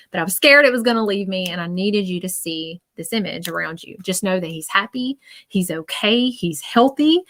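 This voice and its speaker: A woman's voice: medium pitch, fairly bright tone. A woman working as a psychic medium on a livestream. She rambles through her reading with many "um"s and "you know"s and speaks to her viewers directly and reassuringly. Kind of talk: live-streamed psychic reading.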